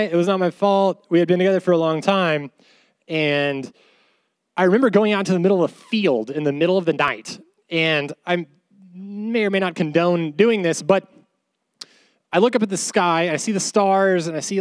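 A man's voice: a little high, clear, resonant tone, no echo, clean studio sound. Upbeat jokey young male youth pastor. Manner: animated, jokey, casual slang. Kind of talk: youth sermon with personal stories.

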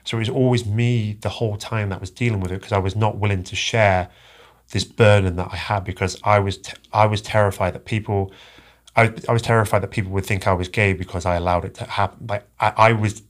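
A man telling a personal story as a podcast guest, halting and earnest, often repeating his words. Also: lowish voice, steady tone. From England.

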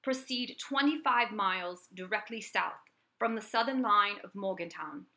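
A woman reading out an anonymous letter writer's note in an attempted British accent, halting and breaking into laughs. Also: mid-range voice, bright, forceful tone. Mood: cryptic.

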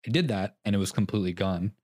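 A man's voice: lowish voice, fast talker, a little mellow, dry recording, clean studio sound. A young man co-hosting a podcast in casual chat, rambling through a story, restarting his sentences and laughing at himself. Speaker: podcast co-host.

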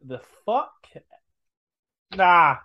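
A man's voice: sits high, big pitch swings, extremely slow, highs cut off. A man co-hosting a casual podcast, laid-back and laughing often while recapping. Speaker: podcast co-host. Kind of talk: casual chat.

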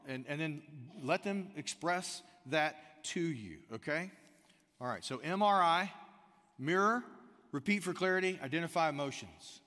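A man's voice: a little high, unhurried. Man preaching in a reverberant hall. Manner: animated storytelling, acts out quoted lines. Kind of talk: sermon. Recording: long reverb of a large hall.

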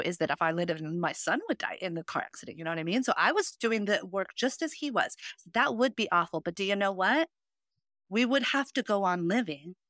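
A woman's voice: mid-range voice, a bit bright, dry recording. Earnest woman with a dry close sound. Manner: earnest, many fillers like "you know" and "um". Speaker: podcast co-host. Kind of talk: casual chat.

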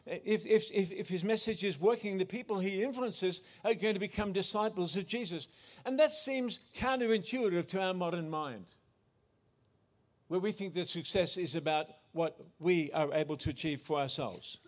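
A man's voice: high-pitched, normal speed. A man preaching a sermon as pastor, earnest, often restarting and correcting himself.

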